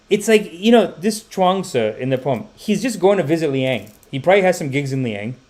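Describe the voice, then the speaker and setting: A man hosting a podcast, ranting in animated commentary, swearing and mocking the voices of others. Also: on the high side, brisk, few pauses. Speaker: podcast host.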